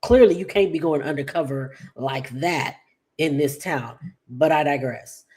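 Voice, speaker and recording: Chatty woman rambling through a recap. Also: low voice. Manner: chatty, rambling, full of "like" and "just like"; slips into quick, animated paraphrased quotes. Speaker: soap opera recap vlogger. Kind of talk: casual episode recap.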